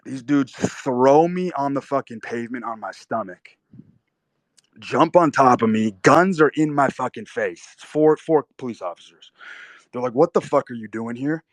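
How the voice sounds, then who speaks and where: A young guy with a medium-pitched voice tells a raw, profanity-laden personal story at an unhurried pace. His first-person monologue is intense and vivid, recorded dry with no room sound.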